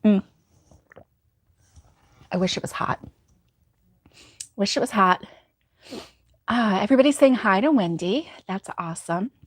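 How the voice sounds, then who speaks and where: Woman host, unhurried and chatty, dry close sound, laughs easily. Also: mid-range voice, animated, no echo. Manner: chatty, rambling, laughs often. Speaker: crochet livestream host. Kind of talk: casual chat reading viewer comments.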